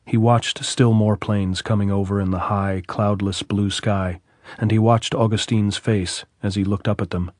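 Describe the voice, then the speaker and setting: A man narrating a classic novel as an audiobook, in a steady, measured reading. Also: lowish voice, dry recording, studio quality.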